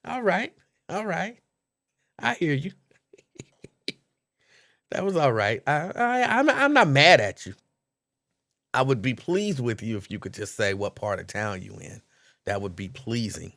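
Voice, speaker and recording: A man's voice: mid-range voice, sing-song, takes it slowly, gravelly, long pauses, sharp tone. A man hosting a live call-in stream, chatting casually, reading out viewers' names and laughing easily.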